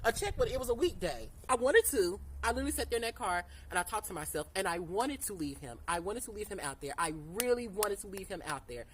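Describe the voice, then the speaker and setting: Woman spilling a storytime outside, fast and cussing, faint noise behind her. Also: mid-range voice. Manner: animated, profane, fast-talking storyteller. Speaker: vlogger telling a story. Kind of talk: casual storytime monologue. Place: outdoors in sunlight.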